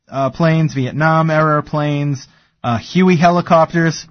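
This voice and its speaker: A man with a Boston accent hosts a casual radio chat, rambling through announcements with fillers and a laugh. His voice sits a little high. The studio sound is dry and dull, like a lo-fi broadcast. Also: slow, no room sound. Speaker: radio show host.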